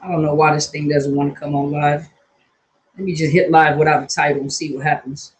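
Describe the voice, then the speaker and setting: A woman's voice: low-pitched, flat delivery, a little fast. A woman counselor from Washington state chatting casually on a phone livestream from her hot home, greeting viewers by name in loose colloquial talk. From Washington state, USA. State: hot and sweaty.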